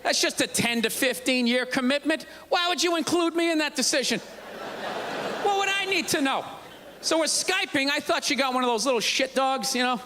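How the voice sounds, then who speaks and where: A man doing a sarcastic, ranting stand-up routine on a comedy stage, shouting his punchlines over a live audience. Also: extremely high pitch, animated, normal speed. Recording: live stand-up with loud crowd and room noise.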